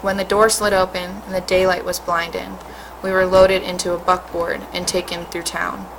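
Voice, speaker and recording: A woman, a teacher, reading a storybook aloud in a steady, expressive way. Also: on the low side, normal speed, creaky, background noise.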